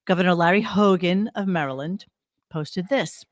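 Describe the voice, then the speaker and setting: A woman's voice: lowish voice, moderate pace, no echo, clean studio sound. A woman co-hosting a casual commentary podcast, blunt and exasperated, swearing freely. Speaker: podcast co-host.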